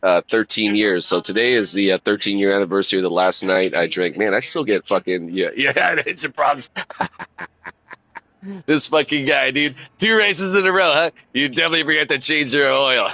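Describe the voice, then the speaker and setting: A man's voice: medium pitch, moderate pace, dry recording, poor audio. A middle-aged man streaming a racing game, chatting casually and candidly, swearing freely and leaning on "man" and "right?". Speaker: live streamer. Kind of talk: casual chat while playing a racing game. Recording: loud car engine noise behind the voice. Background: racing game car sounds.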